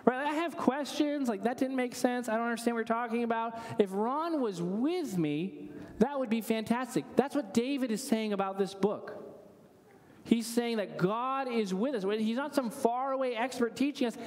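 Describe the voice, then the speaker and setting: A man in his thirties preaching a sermon in a conversational, animated way, telling stories and adding asides to his congregation. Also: sits high. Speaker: pastor. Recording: long reverb of a large hall.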